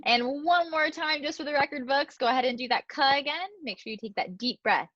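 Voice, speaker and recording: Higher-voiced woman as a gentle, encouraging speech clinician, over dry, dull video-call audio. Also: fairly quick, no echo. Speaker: student speech-language clinician. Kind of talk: clinical exam instructions.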